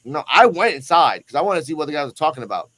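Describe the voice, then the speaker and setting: A man's voice: fairly high pitch, fast, rough recording. A man hosting a show, telling a story casually and with lots of animation and swearing, and acting out the other people in it. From Puerto Rico. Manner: animated, profane, acts out the other people in his stories. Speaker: host.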